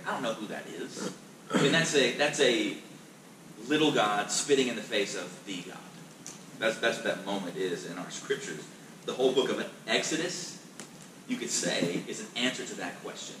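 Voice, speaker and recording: Male pastor, mid-pitched, casual and emphatic teaching; distant mic in an echoey, noisy room. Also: fairly quick. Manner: conversational, emphatic, repeats words as he restarts. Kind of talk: Bible class teaching.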